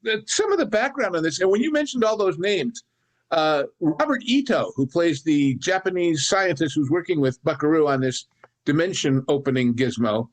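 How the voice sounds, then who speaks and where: A man on a podcast about films, chatting casually and winding through long anecdotes with side tangents. His voice sits a little higher than most men's. He talks in a relaxed, rambling way, trailing off and picking the thread back up. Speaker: podcast co-host. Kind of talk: casual film discussion.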